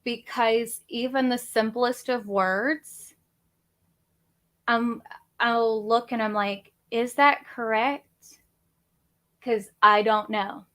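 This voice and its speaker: A woman's voice: a little high, fairly even intonation, takes it slowly, fairly bright tone. A woman, hosting a casual livestream chat from her home office in a rambling, chatty, self-deprecating way. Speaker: crafting channel host.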